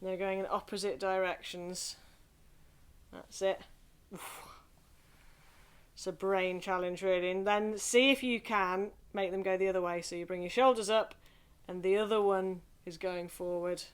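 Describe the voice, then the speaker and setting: A Scottish woman leading an online singing group through vocal and face warm-ups, cheerful and chatty, laughing at herself. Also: mid-range voice, steady tone, a little slow, clear, resonant tone.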